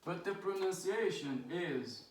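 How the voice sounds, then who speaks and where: Slow woman teaching in an echoey room. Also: lowish voice, expressive, distant mic, a little hiss or hum. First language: Portuguese. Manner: slow, drills words aloud, often checks with "right?" and "okay?". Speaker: English teacher. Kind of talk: pronunciation lesson. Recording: roomy echo, voice from away from the mic.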